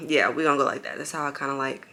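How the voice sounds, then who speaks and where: A woman's voice: extremely low pitch, steady tone, fairly quick, vocal fry, a bit bright. A young woman telling her story to viewers in a chatty, casual way, full of "like" fillers and calling them y'all, while bouncing on an exercise ball at home with a baby. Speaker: vlogger.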